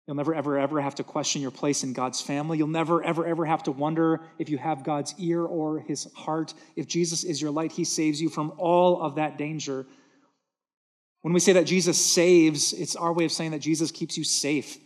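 A man's voice: on the high side, fairly even intonation, a little fast. Emphatic man preaching a sermon. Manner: earnest, emphatic, repeating words for stress. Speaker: pastor. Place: church auditorium with a stage.

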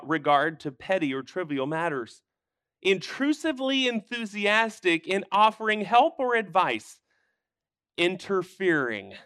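A man's voice: high voice, bright, forceful tone, clean tone, no echo, clean studio sound. A man teaching a Sunday school Bible lesson, explaining scripture with emphatic bursts.

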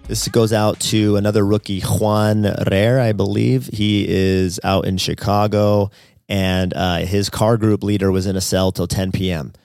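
Storytelling male podcast co-host, low voice. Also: measured pace, vocal fry, dry recording. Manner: animated storyteller, acts out quotes.

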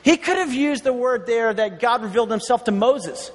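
A man's voice: very high-pitched, expressive, moderate pace, breathy edge. A male pastor preaching a conversational sermon, repeating key words for emphasis and chuckling often. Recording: long reverb of a large hall.

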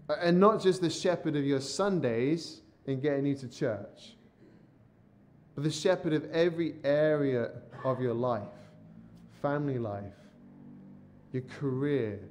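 A male pastor preaching a sermon. He is earnest, repeats words as he starts some sentences, and slows down and drops his voice on key phrases. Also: medium pitch, darkish tone. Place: church or studio, podcast recording.

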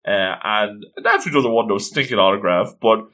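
A man's voice: on the low side, moderate pace, fairly bright tone. A man casually recapping a cartoon episode in a playful, chatty way, slipping in character voices. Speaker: anime recap host.

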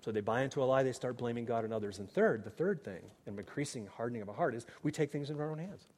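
A man delivering a sermon as pastor, earnest and shifting between hushed, quiet passages and emphatic, raised ones. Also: medium pitch, very fast. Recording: long hall reverb.

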